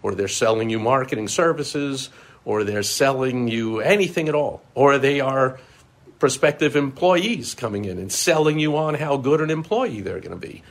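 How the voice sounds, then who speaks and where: Middle-aged man, solo podcast host, mid-pitched voice, animated storyteller who acts out quoted voices. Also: normal speed. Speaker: marketing consultant.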